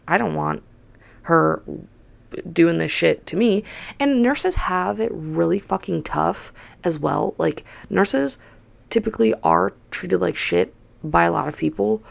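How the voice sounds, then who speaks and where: A young woman telling a story casually, acting out the quoted dialogue in an animated, swearing manner. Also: on the low side. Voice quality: gravelly. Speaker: podcast host.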